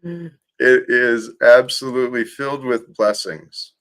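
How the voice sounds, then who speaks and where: A man's voice: medium pitch, takes it slowly, a bit bright, low-quality recording. A man hosting a livestream talk, speaking in an earnest, reflective way. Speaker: host.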